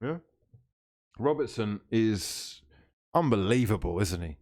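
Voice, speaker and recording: A man's voice: fairly low pitch, animated, a little slow, a little mellow. A man hosting a live football watchalong stream, reading out chat comments, teasing viewers and laughing often.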